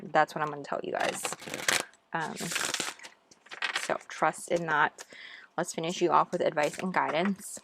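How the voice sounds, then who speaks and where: Low-voiced woman giving an excited tarot reading. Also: a little slow, creaky, pauses often, noisy background. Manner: gushing and encouraging, addresses viewers as "you guys". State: out of breath. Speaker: tarot reader. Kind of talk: casual tarot reading to camera.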